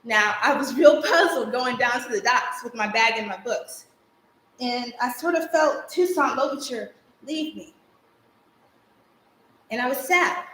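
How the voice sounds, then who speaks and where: A woman's voice: fairly high pitch, fairly bright tone, slight background noise. Young woman playing a spirited storytelling girl. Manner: vivid, rhythmic storytelling with shifting emphasis. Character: spirited girl recalling her childhood. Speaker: stage actor. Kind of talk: theatrical monologue. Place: theater stage. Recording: echoey live stage recording.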